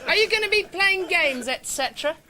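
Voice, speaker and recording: A woman's voice: extremely high pitch, lively intonation, brisk. A woman co-presenting live studio television, chatting playfully with her colleagues. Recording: studio with loud audience and noise.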